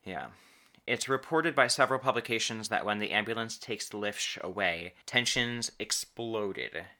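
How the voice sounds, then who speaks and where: Podcast host, male, low and bright, casual storyteller who slows down to stress key words. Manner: halting, restarts and stretched emphasis on key words.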